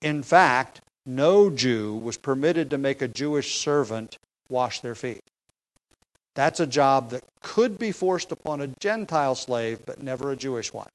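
A man's voice: medium pitch, expressive, measured pace, poor audio. A man preaching an expository sermon, explaining a text with emphasis, occasional fillers and light chuckles.

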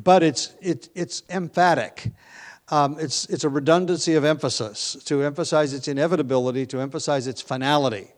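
A man preaching a verse-by-verse sermon, reading scripture with rising emphasis and slipping into relaxed asides with ums and light laughs. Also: on the high side. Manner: conversational with filler ums and restarts. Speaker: pastor. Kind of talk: expository sermon.

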